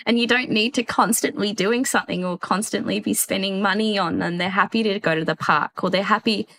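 A woman's voice: mid-range voice, brisk, a bit bright. A woman, a mother on a parenting panel, talking in a chatty way and laughing often. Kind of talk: casual chat.

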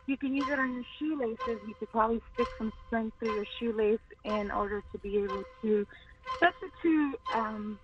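A woman's voice: a little high, moderate pace. A woman calling in to a radio game, hesitant and searching for words. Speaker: radio contest caller. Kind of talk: game show call-in. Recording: muffled lo-fi call with music behind.

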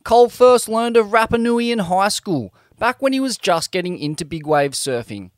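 A man reading scripted narration in a measured storytelling delivery on a close studio mic. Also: high voice, expressive, no room sound. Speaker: podcast narrator.

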